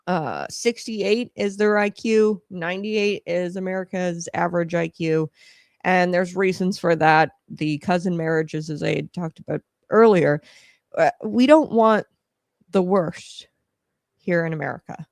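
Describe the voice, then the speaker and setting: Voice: medium pitch, no room sound, clean studio sound. A host of a political commentary show, talking casually in a rambling, scornful way full of fillers and asides.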